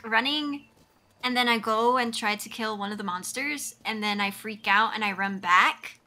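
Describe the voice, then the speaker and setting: A woman's voice: a little high, takes it slowly, pauses often, sharp tone. A woman streamer chatting casually while she plays, giggly and rambling, full of "like" fillers. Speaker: game streamer. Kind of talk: casual live-stream chat while playing.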